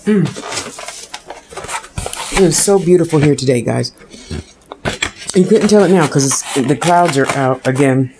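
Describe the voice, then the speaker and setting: A woman's voice: low voice, measured pace, pauses often, background noise. A woman vlogger chatting casually while eating and talking with her mouth full. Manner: talks with mouth full, chewing and smacking. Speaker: food vlogger.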